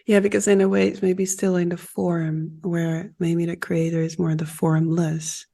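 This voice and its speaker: Woman host, reflective interviewer, gentle affirmations, fry-laden, lowish pitch. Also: little pitch movement, measured pace. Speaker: podcast host. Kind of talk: casual interview.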